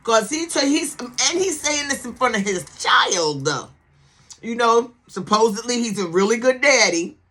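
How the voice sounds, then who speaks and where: A woman's voice: on the high side, expressive, unhurried, fairly bright tone. Sassy woman reviewing a TV series. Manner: sassy, emphatic, keeps asking "okay?" for agreement; repeats words for emphasis. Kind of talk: casual commentary.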